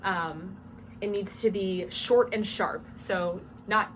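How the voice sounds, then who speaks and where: A woman's voice: medium pitch, steady tone, unhurried, fairly bright tone. A young woman from South Georgia with a Southern accent, casually teaching drum major commands with plenty of "um" fillers. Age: young adult. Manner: chatty, with frequent "um" fillers and spoken demonstrations of commands. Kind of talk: casual instructional talk. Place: small dorm room. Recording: small room with clear background noise.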